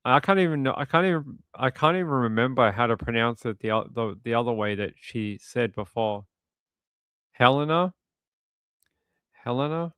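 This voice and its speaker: An Australian man hosts a live stream and reads viewer comments aloud in a loose, easygoing way. He often repeats words and laughs softly between thoughts. His voice is clean and resonant, with a dry, close sound and little room echo. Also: mid-range voice, brisk, few pauses, clear, resonant tone. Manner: relaxed, repeats himself, chuckles often. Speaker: livestream host. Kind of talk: casual live chat reading viewer comments.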